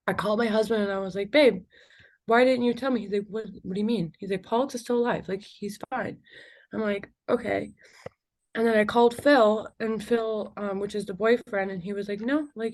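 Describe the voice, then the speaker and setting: A young woman, an interview guest, telling a personal story in halting speech full of "like" and "you know", with nervous laughs between emotional moments. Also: mid-range voice.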